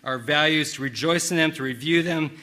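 A man's voice: on the high side, brisk, sharp tone. A middle-aged man preaching a sermon as pastor, telling a long, rambling, self-mocking story full of restarts before turning to prayer.

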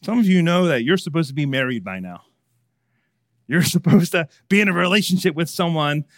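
A man preaching a sermon, swinging between hushed and emphatic delivery. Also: on the high side, lively intonation, brisk, no echo, studio quality. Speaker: pastor.

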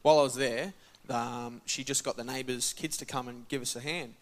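A man's voice: medium pitch, fairly quick. A man, a church member casually telling a testimony and acting out the dialogue. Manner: casual, animated, acts out dialogue. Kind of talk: testimony storytelling.

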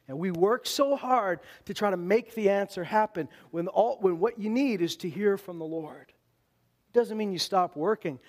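A man preaching as a pastor in an earnest way, sometimes dropping to a hushed near-whisper. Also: high-pitched. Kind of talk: sermon.

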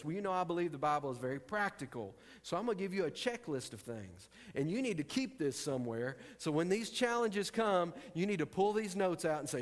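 A man's voice: sits high, big pitch swings, fairly quick, few pauses. Man preaching in an echoing hall. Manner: emphatic, repeats key phrases. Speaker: pastor. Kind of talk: sermon.

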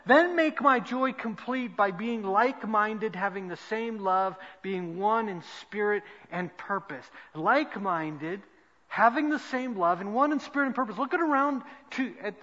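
A man preaching a sermon as pastor, swinging between loud emphasis and quiet asides. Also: sits high. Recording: dull lo-fi sound with long hall reverb.

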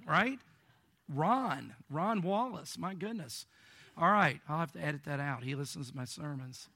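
Bright, dry-sounding male pastor. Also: fairly high pitch, animated, measured pace, dry recording. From Illinois. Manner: conversational preaching with asides and humor; swings between emphatic and quiet delivery. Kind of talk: sermon.

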